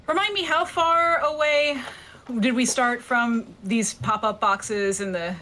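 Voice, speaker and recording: A woman's voice: a little high, takes it slowly, bright, forceful tone. A woman playing a tabletop game, thinking aloud as she plans her move. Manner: thinking aloud, careful planning. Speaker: player. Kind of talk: casual tabletop play.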